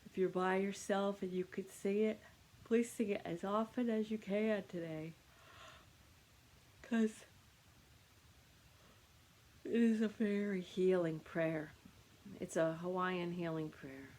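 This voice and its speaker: A woman leading a guided meditation with calm, soothing, gentle instructions. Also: medium pitch, slow, long pauses.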